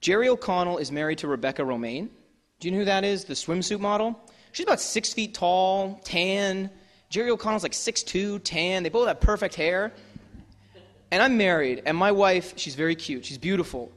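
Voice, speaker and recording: A man's voice: high-pitched, moderate pace. Wry man telling comic stories in a hall. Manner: wry, self-deprecating, loose and chatty. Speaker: author and guest speaker. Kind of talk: comic storytelling to a live audience. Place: festival venue hall. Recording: long hall reverb.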